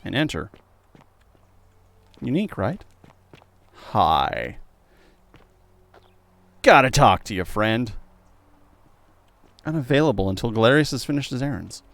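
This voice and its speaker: A young man playing a video game and commenting, excitable, jumping from loud yelps to quiet muttering. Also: medium pitch, a little slow, creaky, long pauses, dry recording. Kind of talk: let's play commentary.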